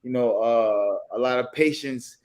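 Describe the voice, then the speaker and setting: A former boxing champion sits in on a casual podcast chat. His voice sits in a comfortable middle range, and he reflects on his life in an unhurried, laid-back way, circling back to his points as he goes. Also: medium pitch, darkish tone. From New York.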